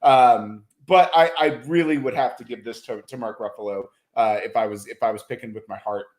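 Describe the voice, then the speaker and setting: A man's voice: mid-range voice, a little fast. A man who is a film critic, giving his picks in a casual chat, thoughtful and full of ums and restarts. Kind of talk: casual awards-preview chat. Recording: roomy echo.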